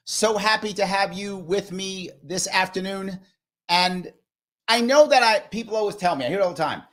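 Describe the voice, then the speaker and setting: A man with a New York accent hosts a casual live show. His voice sits high for a man, and he talks in an animated, emphatic way. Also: moderate pace. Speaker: host. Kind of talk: casual live-stream chat.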